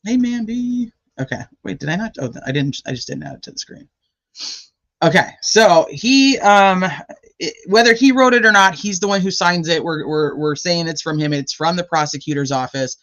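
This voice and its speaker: A woman's voice: lowish voice, normal speed. A woman hosting a casual live stream, rambling and greeting chat viewers by name. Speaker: livestream host. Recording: dull lo-fi stream audio.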